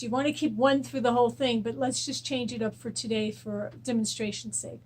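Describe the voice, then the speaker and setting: Husky woman coaching a tapping exercise. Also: sits high, moderate pace, few pauses. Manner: repetitive affirmations, gentle coaching. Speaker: host and rapid eye technician. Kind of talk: guided self-help tapping exercise.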